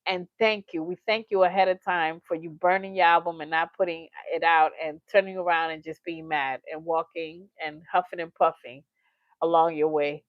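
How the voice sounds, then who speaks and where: A woman hosting a casual livestream, talking straight to her viewers and reading out their comments. She is chatty and animated, laughs often and acts out little quotes. The sound is dull and lo-fi, with a dry, close room. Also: deep voice, normal speed, no echo. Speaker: livestream reaction host.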